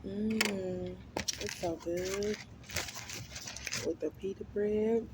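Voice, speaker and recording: Slow-talking woman chatting while eating. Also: mid-range voice, fairly even intonation, noisy background. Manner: talks between bites, with lip smacking and hums; chatty, chats to viewers. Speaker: mukbang vlogger. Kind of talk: casual eating vlog chat.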